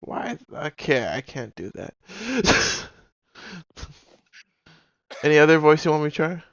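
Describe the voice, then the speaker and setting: Giggly Canadian man with a gravelly voice. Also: fairly high pitch, lively intonation, a little slow, fairly bright tone, dry recording, highs cut off. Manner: giggly, self-deprecating. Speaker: streamer, storyteller. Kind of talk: casual livestream chat. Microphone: own stream mic.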